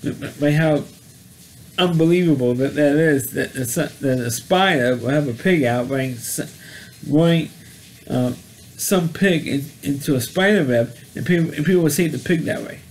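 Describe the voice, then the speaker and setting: A man talks through a film review in a slightly high voice. He stumbles, restarts and repeats himself as he retells the story. A faint hiss runs under the recording. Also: a little mellow. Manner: halting, repeats words and restarts often. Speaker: movie reviewer. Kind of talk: casual spoken movie review.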